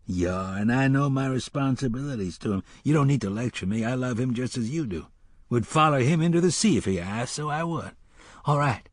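A man narrating voices a weary, grim male cook who speaks gruffly and tiredly. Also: medium pitch, lively intonation, a little fast, no echo, natural voice.

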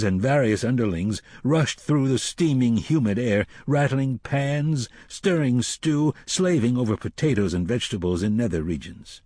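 A man narrating a story in a measured storytelling voice, raising his voice for the characters' lines. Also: medium pitch, a little mellow, no room sound, studio quality. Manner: measured storytelling, lifts voice for dialogue. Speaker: audiobook narrator.

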